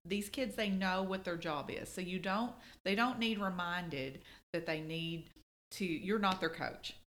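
A woman telling stories in casual chat as a podcast co-host, animated when she quotes people. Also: fairly low pitch, measured pace. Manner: storytelling, animated when quoting.

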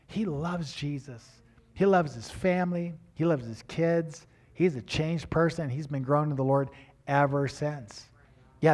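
An older man preaches with a slightly raised pitch. He tells his story in an animated way and often restarts his words. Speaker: pastor. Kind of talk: storytelling sermon.

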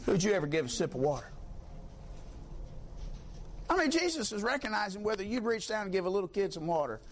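A man preaching a sermon, fiery, swinging from low talk to high shouts. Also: sing-song, fairly quick, a little hiss or hum.

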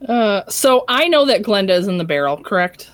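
A woman's voice: mid-range voice, sing-song, fairly quick, no room sound. A woman player in a tabletop game, asking questions in a casual, hedging way.

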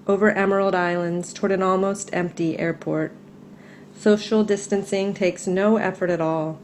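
A middle-aged woman reads her personal essay aloud, calm and measured, in a slightly low voice. A faint hiss sits under the recording. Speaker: writer reading her essay.

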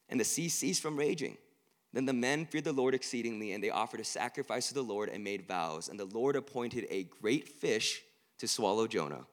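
A young man preaching a casual, joking sermon to college students. He swings between hushed earnest lines and loud emphatic bursts. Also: mid-range voice. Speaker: campus ministry speaker.

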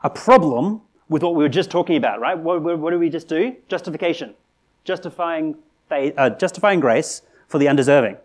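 A man preaching a sermon in a conversational, earnest way, asking rhetorical questions and rising to animated emphasis. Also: on the high side, a little fast. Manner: conversational with frequent restarts and "right?".

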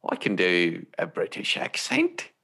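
A man's voice: sits low, huge pitch swings, measured pace, creaky, sharp tone, breathy edge, full character voice. A man putting on an exaggerated mock British accent as a joke, sing-song and playful. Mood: playful mockery.

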